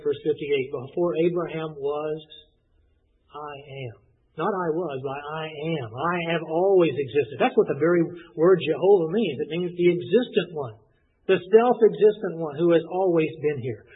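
A man preaching an expository sermon, earnest and emphatic, slowing down to stress the scripture he reads. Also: a little high, slightly rough. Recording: tinny phone-like lo-fi recording.

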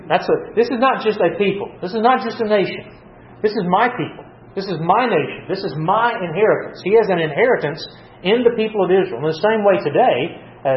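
Earnest high-voiced man teaching scripture. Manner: earnest, repeats words and restarts often. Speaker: preacher. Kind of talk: verse-by-verse Bible teaching. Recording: muffled roomy sound with faint hiss.

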